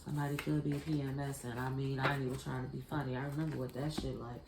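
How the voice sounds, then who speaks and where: A woman's voice: very deep voice, little pitch movement, fast talker, gravelly. A woman giving a casual spiritual card reading to her viewers, blunt and profane, speaking straight to them. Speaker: tarot card reader. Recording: echoey room with faint noise.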